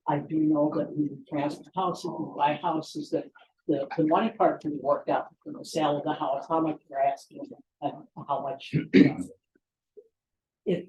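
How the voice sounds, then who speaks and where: A man's voice: a little high, a little mellow, slight background noise. A man rambling through a public comment at a town hearing, restarting his phrases. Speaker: resident speaking at public hearing. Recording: echoey, dull-sounding room.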